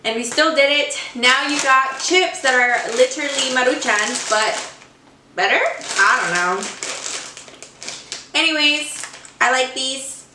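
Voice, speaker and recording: A young woman chatting casually through a snack-tasting vlog at home, excitable and gushing. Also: high-pitched, a little slow, pauses often, noisy background. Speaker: vlogger. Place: room at home. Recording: roomy sound, a bit far from mic.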